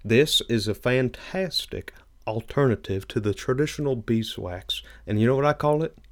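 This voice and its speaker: A man putting on a slow, drawling salesman voice. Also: medium pitch, animated, close to an everyday voice. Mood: salesy.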